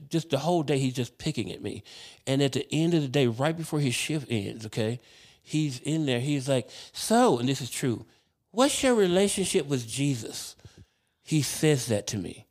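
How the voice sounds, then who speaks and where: A man, a comedian, telling hospital stories on a podcast in an animated, candid, profane way. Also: mid-range voice, normal speed. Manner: animated, profane, self-deprecating. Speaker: comedian guest. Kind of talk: casual podcast storytelling.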